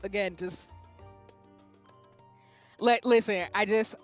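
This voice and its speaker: A woman streaming a game, chatting casually with her viewers in a playful, flustered way that breaks into loud bursts. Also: mid-range voice, steady tone, slow. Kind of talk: casual livestream chat while gaming. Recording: music playing behind.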